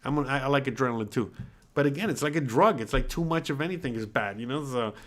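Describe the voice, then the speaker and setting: A man's voice: medium pitch, quick pace. A man in his forties hosting his own show, talking bluntly and casually with lots of swearing and filler tags. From United States. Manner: blunt, profane, animated with filler tags like "all right?". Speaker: podcast host. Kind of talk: casual livestream talk reading chat comments.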